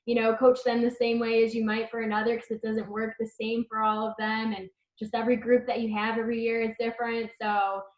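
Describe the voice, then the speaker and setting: A woman's voice: fairly high pitch, level tone, fairly quick, few pauses. A woman who coaches college tennis, talking earnestly and reflectively as an interview guest over a video call. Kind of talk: interview guest, casual talk. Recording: echoey, dull lo-fi call audio.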